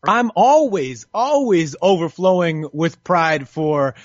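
A man's voice: fairly high pitch, animated, takes it slowly, no room sound, highs cut off. A man from New York City co-hosting a casual boxing podcast, teasing and wry, earnest at times. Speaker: podcast co-host and boxing writer.

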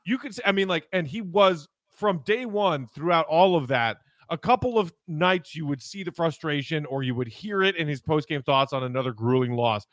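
Analytical man with a high voice. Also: moderate pace, hardly any pauses, no room sound. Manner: analytical, acts out quotes in animated voices. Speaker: podcast co-host. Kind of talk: casual sports talk.

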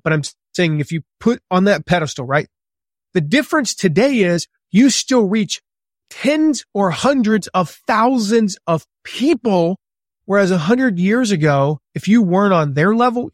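Gregarious, slightly loud man in his forties. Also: sits high, dry recording, studio quality. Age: 40s. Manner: gregarious, a little loud, animated; conversational with many fillers. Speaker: guest author and business coach. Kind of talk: podcast interview.

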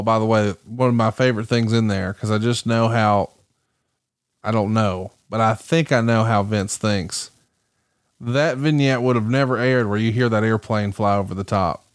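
A man's voice: fairly low pitch, smooth, dry recording, clean studio sound. A man hosting a podcast, asking playful, teasing questions in casual chat. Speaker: podcast host.

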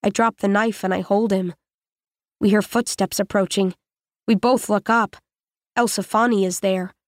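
Woman reading an audiobook in first person, steady and even, mid pitch, dead dry close mic. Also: no echo. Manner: measured and even, with short, plain sentences. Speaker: audiobook narrator. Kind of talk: first-person scripted narration.

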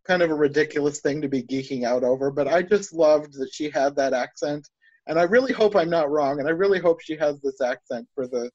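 A man's voice: fairly high pitch, no echo. A man in casual chat, enthusiastic and rambling, thinking aloud as he talks. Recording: dull lo-fi dry sound.

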